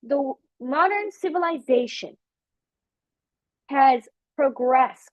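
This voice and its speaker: High-pitched woman teacher preaching with emphatic repetition, dry and slightly muffled recording. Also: dry recording. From Africa. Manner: emphatic, animated, repeats key phrases. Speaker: prophetic ministry teacher. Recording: dull lo-fi sound.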